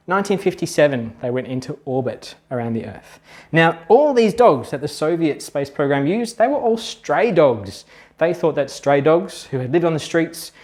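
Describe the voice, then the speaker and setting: Aussie guy telling space stories to kids, casual and chatty, kinda high voice. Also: a little mellow. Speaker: children's book author. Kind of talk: explainer video for kids.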